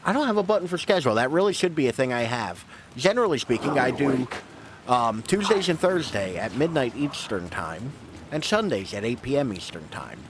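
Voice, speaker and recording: With a mid-range voice and a little hiss or hum on the recording, a man streams a video game. His let's-play commentary is casual and rambling, self-deprecating, with casual swearing.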